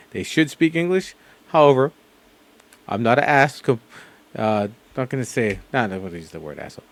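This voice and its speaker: A man's voice: medium pitch, dry recording. A man hosting a reaction video, talking in a rambling, casual way with fillers and profanity. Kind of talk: casual commentary.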